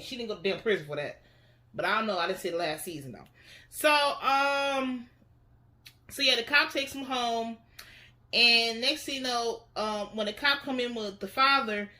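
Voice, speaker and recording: Animated woman recapping a TV show, roomy echo. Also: on the high side. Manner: animated storytelling, acts out characters in voices. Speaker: TV recap host. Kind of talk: casual profane show recap.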